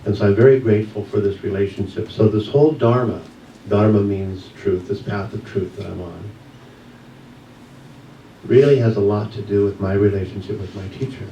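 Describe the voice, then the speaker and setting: A man's voice: on the low side, steady tone, normal speed, highs cut off. A man giving an earnest, reflective personal testimony as a guest speaker at a church service. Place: church sanctuary. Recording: echoey room, distant mic, faint hiss.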